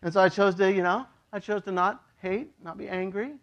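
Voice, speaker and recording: A man preaching a casual, joking sermon as a pastor, chatty and animated, acting out voices in his stories. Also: high-pitched, brisk, muffled recording. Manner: chatty, with many "like" and "you know".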